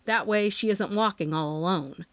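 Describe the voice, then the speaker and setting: A woman's voice: medium pitch, normal speed, a bit bright, no room sound, lightly acted. A woman reading an audiobook, voicing a concerned young man who is a close friend. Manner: concerned, easygoing.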